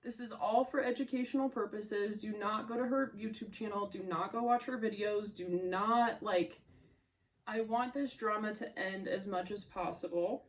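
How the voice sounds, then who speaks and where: A woman's voice: mid-range voice, moderate pace. A woman in an angry vlog rant, swearing and speaking straight at someone she is upset with, her voice strained with anger. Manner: furious, swearing, addressing someone directly. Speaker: content creator.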